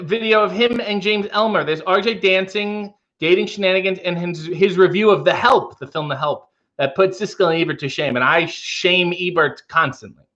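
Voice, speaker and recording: A man's voice: sits high, fairly bright tone, dull audio. A man hosting a livestream in casual chat, reading out viewer comments with rambling, wry asides. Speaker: livestream host.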